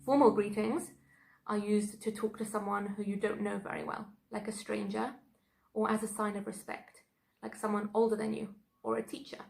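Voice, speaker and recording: A woman teaching a lesson in a clear, measured way. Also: mid-range voice, monotone, poor audio. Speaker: English teacher. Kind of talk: online language lesson.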